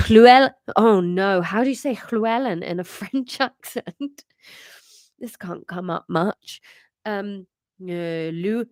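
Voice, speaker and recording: A woman's voice: mid-range voice, creaky, a little mellow, no room sound. Sex: woman. Role: podcast host. Style: improvised comic story reading. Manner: chatty, self-mocking. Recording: dry, close.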